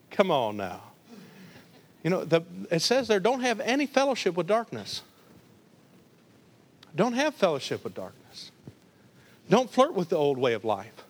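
A man from the Detroit area preaching a lively sermon, acting out voices in his stories. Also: sits high, a little slow, long pauses. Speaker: pastor.

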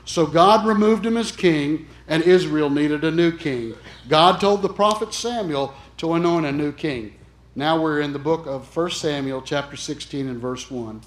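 A man's voice: fairly high pitch, moderate pace. A man preaching an emphatic storytelling sermon, speaking earnestly and directly to his congregation. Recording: echoey room.

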